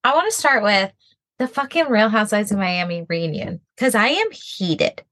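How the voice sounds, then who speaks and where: A young adult woman co-hosting a podcast in casual chat, expressive and sarcastic. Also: medium pitch, normal speed. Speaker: podcast co-host.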